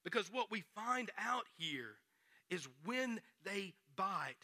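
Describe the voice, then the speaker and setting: A man preaching a storytelling sermon, dramatic and dropping to hushed near-whispers for emphasis. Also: sits high, sing-song, slow, vocal fry, no echo, clean studio sound.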